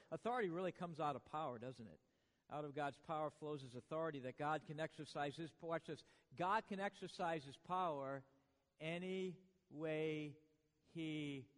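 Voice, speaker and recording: A man preaching a sermon in a church, swinging from hushed lines to booming ones with joking asides. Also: in a large hall. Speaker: pastor.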